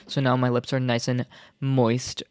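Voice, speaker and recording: A man's voice: medium pitch, measured pace, clear, resonant tone, dry recording. Chatty young man, dry close sound. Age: young adult. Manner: chatty, rambling, excitable with filler words. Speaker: podcast host. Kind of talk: casual solo podcast chat.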